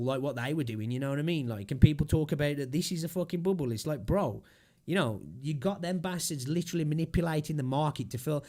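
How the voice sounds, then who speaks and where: A man's voice: fairly high pitch, a little mellow. A young man ranting casually on a livestream, swearing constantly and rambling with fillers, with a slightly sore throat. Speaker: streamer.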